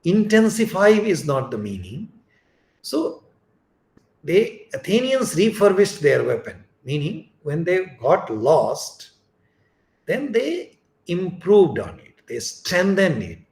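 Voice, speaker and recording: Lively-voiced male teacher in echoey room. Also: sits high, slow. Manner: explains step by step, often checks "get it?". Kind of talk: live online class explanation.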